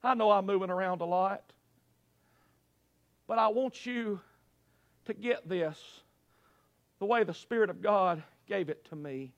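A man, a pastor, preaching a sermon at a church service. His delivery is dramatic, swinging from loud cries to hushed, low phrases. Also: unhurried, pauses often, dry recording, muffled recording.

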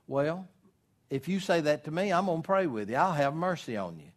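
A man preaching, delivering his sermon with animated storytelling. His voice rises high and loud for emphasis, then drops low and quiet. He slips into the voices of the people in his stories. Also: brisk. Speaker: pastor.

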